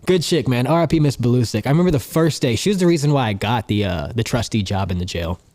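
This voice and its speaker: A man's voice: medium pitch, quick pace. A young man, a comedian telling profane jail stories in casual chat, laughing as he goes. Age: young adult. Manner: animated, laughs through his stories, swears constantly. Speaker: guest comedian.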